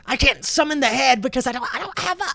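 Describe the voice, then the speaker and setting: A man's voice: lively intonation, fast, creaky, bright, forceful tone, a little hiss or hum, heavily acted. A man putting on a panicky stammering prisoner. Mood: panicked. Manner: stammering, high-pitched and pleading. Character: panicky male prisoner, fumbling and pleading.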